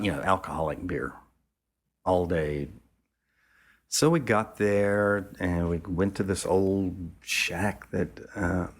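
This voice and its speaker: A man, a photographer being interviewed, telling a loose, rambling anecdote with casual profanity. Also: sits low. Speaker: photographer guest.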